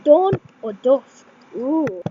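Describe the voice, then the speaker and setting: A woman's voice: sits high, big pitch swings, drawn-out words. Chatty young woman, muffled. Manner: chatty, thinks aloud with many fillers and restarts. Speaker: vlogger. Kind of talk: casual chat reading quiz questions aloud.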